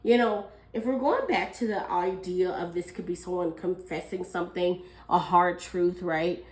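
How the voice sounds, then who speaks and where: A woman's voice: lowish voice, moderate pace, low-quality recording. A woman giving a casual tarot reading, chatty and thinking aloud, with fillers and frequent small laughs. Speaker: tarot reader.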